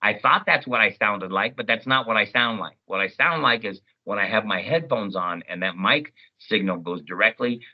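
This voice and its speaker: A man, a voice actor, chatting as an interview guest and telling stories in an animated way. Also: fairly low pitch, normal speed, few pauses, muffled recording. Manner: animated, storytelling, jumps into character voices. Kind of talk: casual interview chat.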